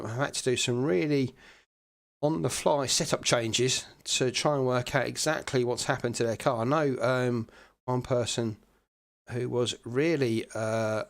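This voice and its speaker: Male sim racing commentator, conversational live play-by-play, mid-range voice. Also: medium pitch. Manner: chatty, relaxed, many fillers.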